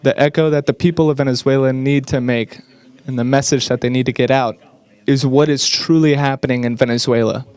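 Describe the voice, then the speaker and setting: Smooth-voiced male interpreter. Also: mid-range voice, fairly even intonation, fairly quick, few pauses, darkish tone. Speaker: voice-over interpreter. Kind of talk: live interpretation voice-over.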